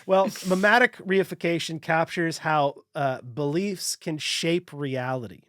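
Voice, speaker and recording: A man's voice: on the high side, unhurried, a bit bright, no echo, clean studio sound. A man hosting a casual podcast, reading his research notes aloud and joking between points.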